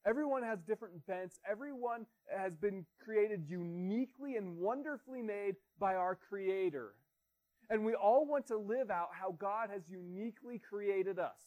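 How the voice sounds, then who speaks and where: A man's voice: high-pitched, animated, unhurried, highs cut off. A man, a pastor with children, preaching an earnest, conversational sermon full of rhetorical questions.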